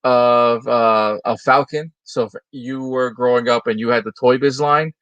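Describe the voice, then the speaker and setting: A man's voice: medium pitch, fairly even intonation, measured pace, fairly bright tone, dry recording, lo-fi sound. Chatty man on a dry mic. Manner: chatty, enthusiastic, loose and rambling. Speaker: co-host of a toy news livestream. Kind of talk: casual chat.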